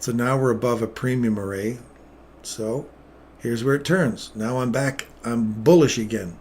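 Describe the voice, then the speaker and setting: A middle-aged man giving excitable, self-mocking live commentary on his own trades as he makes them. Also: medium pitch, unhurried, slight background noise.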